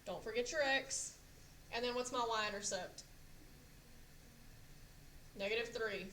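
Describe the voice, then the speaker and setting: Bright-voiced woman teaching math. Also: on the high side, measured pace. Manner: quizzing students with frequent "okay?" check-ins. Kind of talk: classroom math lesson. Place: echoey classroom. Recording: echoey classroom, faint noise.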